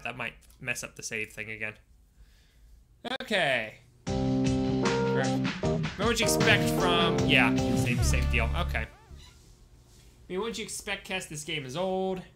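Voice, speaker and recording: A man giving casual live-stream commentary while playing a game, chatting with viewers and breaking into sudden excited outbursts. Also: fairly high pitch. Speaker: gaming streamer.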